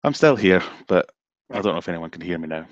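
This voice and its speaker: Deep-voiced Scottish man chatting on a stream. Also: fast, dry recording, dull audio. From Scotland, south of Glasgow. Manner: relaxed, chatty, self-deprecating. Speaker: guest fishkeeper. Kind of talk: live stream chat. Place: home office. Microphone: video call.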